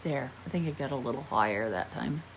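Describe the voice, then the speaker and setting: A woman's voice: a bass voice, a little fast, a little hiss or hum. An American woman chatting casually in a haul vlog while trying on makeup, rambling and poking fun at herself. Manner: chatty, rambling, self-deprecating. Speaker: vlogger.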